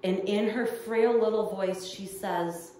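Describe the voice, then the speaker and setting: A woman's voice: medium pitch, takes it slowly, warm tone, slight background noise. A woman pastor delivering a midweek sermon, telling a personal story in an earnest, storytelling way. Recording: echoey room heard from far off.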